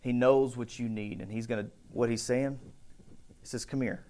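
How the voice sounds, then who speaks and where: A man preaching a casual, conversational sermon, acting out bits of the story with shouts and voices. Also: medium pitch, fairly even intonation, moderate pace. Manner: conversational, thinks aloud with restarts. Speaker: pastor.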